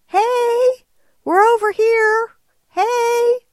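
A woman voicing a crowd of hungry farm animals that loudly yell for their dinner. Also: steady tone, extremely slow, no echo, studio quality, full character voice. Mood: yelling eagerly. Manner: loud, shrill, pleading.

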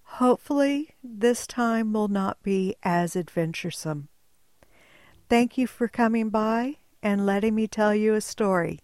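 Woman storyteller, unhurried, wry and animated, bone-dry close sound. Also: medium pitch, no room sound. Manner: wry, animated, slow and deliberate. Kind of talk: personal storytelling.

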